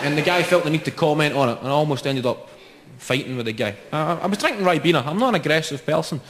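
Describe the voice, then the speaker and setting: A man with a Scottish accent doing live stand-up comedy, telling animated stories and acting out characters. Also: on the high side, fast. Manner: animated storytelling, acts out characters in shouts. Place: large venue with a live audience. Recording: roomy live recording with loud crowd. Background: audience laughter.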